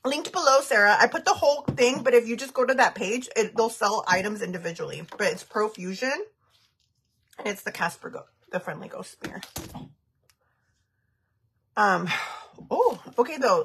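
A woman's voice: medium pitch, normal speed, pauses often, fairly bright tone, a little hiss or hum. A woman in her thirties chatting casually on a makeup livestream, giggling often and reading viewer comments aloud. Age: 30s.

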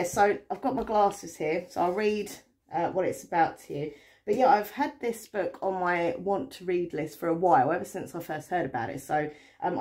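A woman's voice: lowish voice, a little mellow. An English woman chatting to camera about her new books, rambling and enthusiastic with lots of fillers. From England. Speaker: book vlogger. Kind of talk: casual chat to camera.

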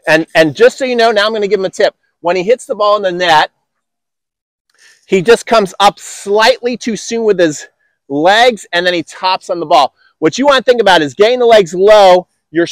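A man's voice: high voice, no room sound. A man coaching tennis on an outdoor court, upbeat and encouraging with enthusiastic praise.

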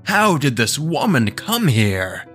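A man's voice: mid-range voice, big pitch swings, takes it slowly, fairly bright tone, breathy edge, soft background music, heavily acted. A man voicing a blunt, exclaiming male police officer while reading a story aloud. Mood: startled.

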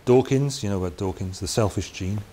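A man's voice: lowish voice, a little fast, mellow. A man giving a Bible teaching talk in a conversational way, with chatty asides and restarts. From Wales. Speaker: preacher. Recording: faint hiss.

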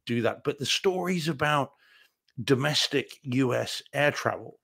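A man co-hosts a casual chat show, ribbing his friend with dry wit. He speaks slowly and pauses over his words, and his voice has a gravelly texture. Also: medium pitch, animated, fairly bright tone. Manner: dry, teasing humor with slow, hesitant phrasing. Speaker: co-host.

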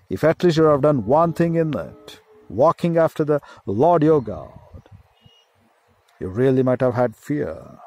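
A man's voice: a little high, very animated, slow pace, long pauses, a little mellow. A man preaching a sermon, teaching with emphatic repetition and Hebrew word studies.

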